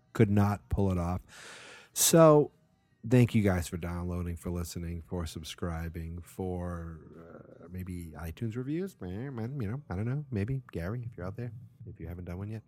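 Low, mellow-voiced man hosting a podcast. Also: no room sound. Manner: rambling, self-mocking, sarcastic asides. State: tired. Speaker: podcast host. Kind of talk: casual podcast talk.

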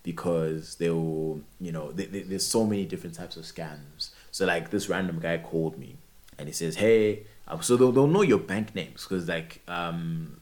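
A young man, chatting casually and telling animated stories with frequent laughs and restarts. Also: deep voice, normal speed. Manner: animated storyteller, laughs often, many restarts. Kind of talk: casual chat.

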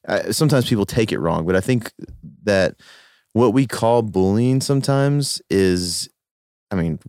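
A man's voice: lowish voice, animated, unhurried, darkish tone, no room sound, studio quality. A man co-hosting a casual chat, thinking aloud and restarting his sentences. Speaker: podcast co-host.

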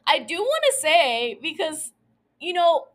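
A woman's voice: extremely high pitch, sing-song, unhurried. A young woman hosting a casual recap podcast, ranting emotionally and swearing freely. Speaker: podcast host.

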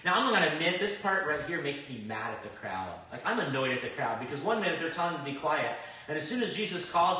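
Emphatic preacher in a very echoey hall. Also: male voice, on the high side, sing-song, fairly quick, far from the mic. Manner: conversational, swings from loud emphatic bursts to quiet reflection. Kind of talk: sermon. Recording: very echoey room, speaker off-mic.

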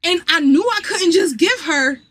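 Animated laughing woman podcaster. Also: extremely high pitch, normal speed. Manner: animated, laughs often, acts out quotes. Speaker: podcast host. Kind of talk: casual chat.

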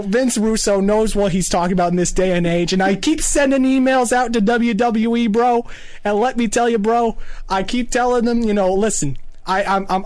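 A brash, boastful wrestling booker, put on by a man for a podcast bit. His voice sits high, and he leans on "bro" in nearly every line. The delivery is pure swagger. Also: lightly acted. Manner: cocky, repeats "bro" constantly. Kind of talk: podcast impression.

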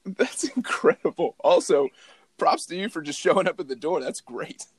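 Husky high-voiced man in a dry room. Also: lively intonation, normal speed, no room sound. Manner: reacts with laughs and short exclamations. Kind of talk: casual chat.

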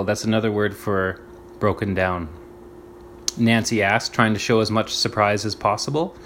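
A man reading a storybook aloud, slow and deliberate, pausing to explain words. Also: on the low side, level tone, a little hiss or hum. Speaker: reader.

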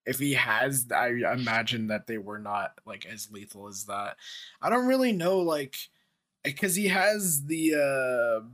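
A young man co-hosting a podcast, talking in a relaxed, laid-back way with casual swearing. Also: mid-range voice, measured pace. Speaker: podcast co-host. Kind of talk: casual chat.

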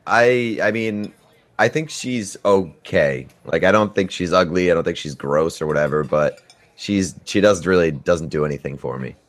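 A man's voice: low voice, normal speed. A man co-hosting a podcast, chatting bluntly and teasing his co-host. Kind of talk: casual chat.

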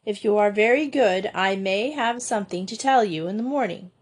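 A woman reading aloud, voicing a kindly but firm male doctor who gives brisk orders. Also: mid-range voice, breathy edge, natural voice. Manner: brisk, commanding.

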